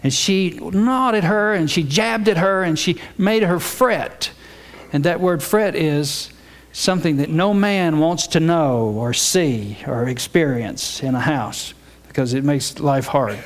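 A man's voice: a little high, unhurried. An older man preaching a sermon, reading scripture and telling stories with humorous asides. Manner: folksy storytelling with humorous asides. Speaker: pastor.

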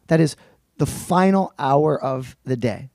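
A male preacher teaching through a Bible passage in a relaxed, conversational sermon, explaining with slangy asides. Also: mid-range voice, unhurried, gravelly, dry recording.

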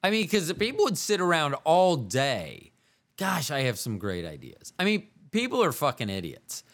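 A man hosts his own show solo and talks casually in a loose, rambling way. His pitch swings widely as he jokes at his own expense. He drifts from one aside to another. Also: huge pitch swings, moderate pace, fairly bright tone. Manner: rambling, self-mocking, jumps between voices. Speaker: podcast host. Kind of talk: casual solo podcast monologue.

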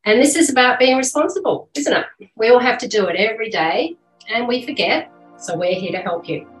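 A woman's voice: fairly high pitch, expressive, a little fast, soft background music. A woman spiritual healer introducing an energy cleansing in a nurturing way. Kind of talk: guided spiritual talk. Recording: echoey room, distant from mic.

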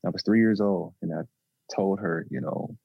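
A man, a relationship coach talking haltingly in a podcast interview. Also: sits low, vocal fry, breathy edge, dry recording, highs cut off. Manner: halting, with many restarts and fillers.

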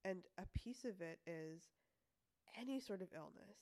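Lowish-voiced woman doing a chatty self-help podcast, laughs a lot, super dry close sound. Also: lively intonation, moderate pace, darkish tone, dry recording. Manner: chatty, laughs often, acts out quoted voices. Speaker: podcast host. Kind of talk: casual self-help monologue.

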